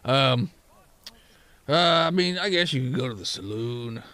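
A man's voice: mid-range voice, lively intonation, a little slow, a bit bright, dry recording. A game master playing an exhausted male dragonborn miner in a tabletop game, talking in weary, hesitant mumbles. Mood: tired. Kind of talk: game master voicing a character.

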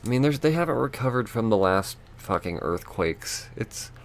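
A man hosting a solo podcast, ranting in a frustrated, profane way with lots of halting restarts. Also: mid-range voice, animated. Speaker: podcast host.

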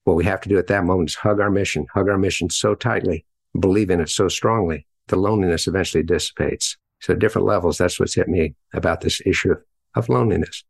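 A man's voice: deep voice, quick pace, creaky, slightly rough, dry recording. An older man telling personal stories in an earnest, reflective way as an interview guest. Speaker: guest, company leader and author. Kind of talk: storytelling in a podcast interview.

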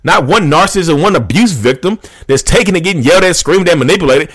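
A man's voice: on the high side, expressive, fast, hardly any pauses, a bit bright, breathy edge. A man hosting his own channel, going on an emphatic, repetitive rant. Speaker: channel host. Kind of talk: ranting monologue to camera.

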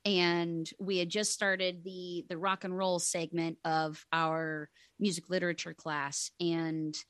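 A woman's voice: on the low side, flat delivery, takes it slowly, fairly bright tone, clear, resonant tone, dry recording, studio quality. A young adult woman co-hosting a casual podcast, chatty and supportive. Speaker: podcast co-host, guitarist. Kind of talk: casual chat.

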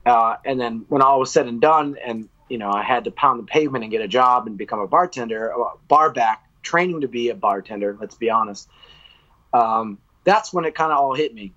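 A man's voice: mid-range voice, fairly quick, pushed and bright. A man from the United States, a guest on a podcast, telling a long story candidly, swearing freely and acting out quoted lines. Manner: acts out quoted speech. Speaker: podcast guest, metal vocalist. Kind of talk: casual storytelling interview. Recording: dull lo-fi audio.

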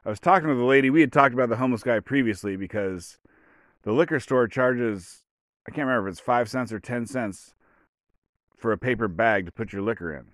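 A man's voice: medium pitch, brisk, a bit bright, no echo. A man in his late forties, a podcast host telling a long, meandering story in casual, profane chat, full of fillers and restarts. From Oregon, USA. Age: 40s. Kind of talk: rambling casual monologue.

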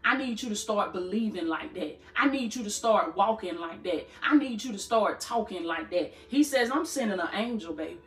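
A woman's voice: medium pitch, animated, moderate pace, hardly any pauses, a bit bright, echoey room, soft background music. A woman preaching a sermon in a fervent, rhythmic style, repeating phrases and calling her listeners "baby" in casual speech. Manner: colloquial, calls listeners "baby". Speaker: preacher and podcast host. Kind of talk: live-streamed sermon.

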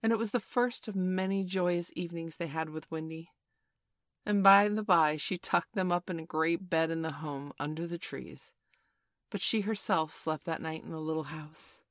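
Woman reading a storybook aloud, low voice, gentle and measured, dry close sound. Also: no echo. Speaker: narrator.

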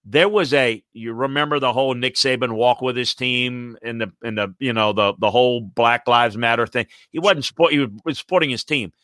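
An older man talks sports in a loose, rambling way, stopping and restarting his sentences as he goes. His voice is bright and forceful, and the sound is dry and close. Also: mid-range voice, normal speed, hardly any pauses, no room sound. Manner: rambling, animated, many restarts. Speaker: sports commentator. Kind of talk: casual sports talk.

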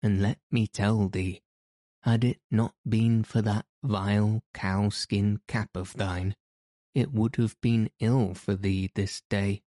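A prickly, proud outlaw nursing his pride, as a male reader voices him. Low and unhurried with a warm, mellow tone, dry and close to the mic. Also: flat delivery, no echo. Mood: testy. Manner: testy, prickly. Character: testy, sore, proud male outlaw giant. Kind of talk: audiobook character reading.

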